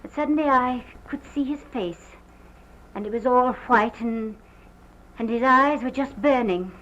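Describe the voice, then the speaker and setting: An actress playing a distraught woman who haltingly recounts a violent night, in early sound-film acting on a muffled old film recording. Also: fairly high pitch, a bit bright. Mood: strained. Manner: halting, hesitant, breaks off.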